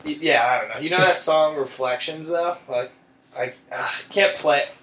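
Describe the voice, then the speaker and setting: A man's voice: on the high side, moderate pace, fairly bright tone, echoey room, slight background noise. A young man co-hosting a podcast, telling rambling stories with lots of swearing and laughter. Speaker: podcast co-host. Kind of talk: casual chat.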